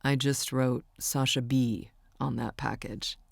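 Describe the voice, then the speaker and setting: An easygoing young male country singer speaks in a low, soft, teasing voice, as a woman narrator reads his part. The audiobook is recorded close and dry, with no room around the voice. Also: steady tone, takes it slowly, vocal fry, no echo, full character voice.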